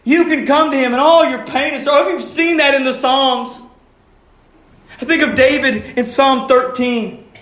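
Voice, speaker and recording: A man's voice: extremely high pitch, steady tone, a little slow, fairly bright tone, reverberant. A man preaching a sermon as pastor, earnest and pleading, asking his listeners questions.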